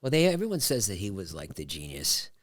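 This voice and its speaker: A man's voice: deep voice, huge pitch swings, a little fast, slightly rough, dry recording, clean studio sound. A man hosting a podcast in casual chat, asking questions and chiming in with short, eager replies. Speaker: podcast host.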